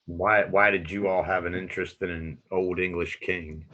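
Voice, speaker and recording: A man playing a tabletop game, asking curious, halting questions. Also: deep voice, fairly even intonation, pushed and bright, muffled recording. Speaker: player. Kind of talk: tabletop role-play questioning.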